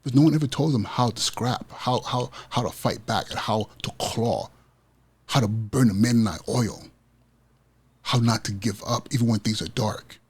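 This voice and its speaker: Husky-voiced man giving a passionate pep talk. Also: mid-range voice, moderate pace. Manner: passionate, repetitive, emphatic preaching cadence. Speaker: podcast host, school principal. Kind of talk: motivational podcast monologue.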